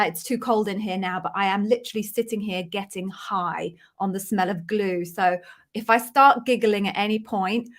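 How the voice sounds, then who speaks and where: A middle-aged British woman with a cold, hosting a casual live stream from her home office and greeting viewers in an apologetic, chatty way. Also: medium pitch. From Britain. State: has a cold. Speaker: livestream host, former Amazon interviewer. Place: home office with sound-absorbing panels. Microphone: webcam live stream.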